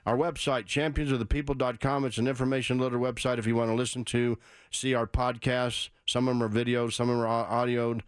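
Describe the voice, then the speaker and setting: A man's voice: mid-range voice, level tone, a little fast, smooth, no room sound. A man hosting a radio call-in show, talking in an emphatic, urgent way and repeating his points.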